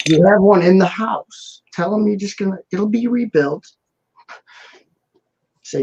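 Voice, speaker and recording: A man's voice: high voice, a little slow, vocal fry, long pauses, darkish tone, lo-fi sound, slight background noise. A man hosting a live building stream, chatting casually and jokingly while reading out viewer comments.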